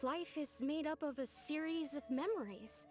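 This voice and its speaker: Woman voicing a gentle heartbroken young woman. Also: high-pitched, moderate pace, soft background music, close to an everyday voice. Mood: wistful. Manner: soft, wistful, putting on a brave face. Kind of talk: game voice acting.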